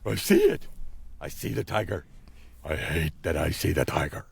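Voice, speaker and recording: A man voicing a nervous, gloomy dog with a husky, gravelly voice, muttering anxiously. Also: low-pitched, huge pitch swings, normal speed, no echo, pitched below the performer's own voice, exaggerated voice.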